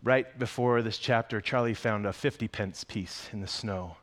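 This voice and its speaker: A man preaching a sermon as a pastor, speaking in a conversational, expressive way. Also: on the low side, moderate pace. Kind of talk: sermon with story reading.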